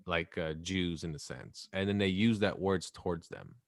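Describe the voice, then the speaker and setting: A man's voice: low-pitched, moderate pace, dry recording, clean studio sound. A man in his thirties co-hosting a podcast in casual chat, rambling and swearing freely. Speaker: podcast co-host.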